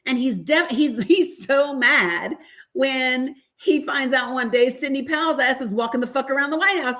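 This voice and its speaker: Animated woman livestream host, slightly high. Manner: animated, laughing, swearing, talks to viewers as y'all. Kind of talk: casual commentary reading a deposition.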